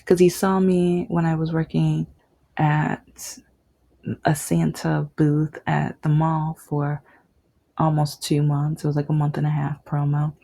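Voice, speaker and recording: A woman's voice: low-pitched, level tone, measured pace, creaky, mellow, dry recording. A young woman telling a personal story, rambling with restarts and dropping to a whisper at tender moments. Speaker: vlogger.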